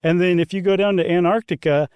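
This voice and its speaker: A man's voice: high-pitched, steady tone, fast, darkish tone, clear, resonant tone, dry recording, studio quality. A man co-hosting a casual podcast, explaining things in an easygoing, chuckling way with loose asides. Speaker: podcast co-host. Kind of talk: casual conversational podcast chat.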